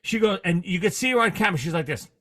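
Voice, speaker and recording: A man hosting a casual podcast, telling animated stories and cursing freely. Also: high voice, rapid-fire. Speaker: podcast host. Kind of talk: casual chat.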